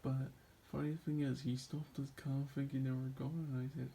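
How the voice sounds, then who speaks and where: Mellow-voiced man telling rambling stories. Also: mid-range voice, flat delivery, moderate pace, gravelly, slight background noise. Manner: rambling, full of "like" and restarts; laughs between stories. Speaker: video creator reacting to a friend's clips. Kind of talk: casual storytelling.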